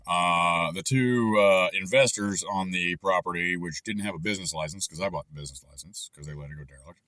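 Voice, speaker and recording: A man's voice: low-pitched, brisk, pushed and bright, no echo. Rambling, frustrated man with dry sound. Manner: rambling, frustrated, many fillers and restarts. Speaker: channel host recounting a dispute. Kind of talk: casual rambling monologue.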